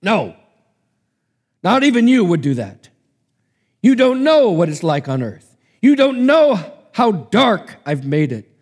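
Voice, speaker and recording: A man's voice: on the high side, very animated, a little slow, a little mellow. A man preacher reading the lines of Satan, a scheming, defiant fallen angel, in an emphatic, taunting way. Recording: long hall reverb.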